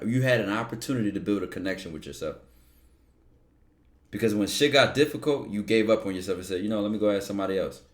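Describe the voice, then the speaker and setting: A man hosting a call-in advice show, blunt and animated. He swears freely and presses his points hard. His voice sits a little low. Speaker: host.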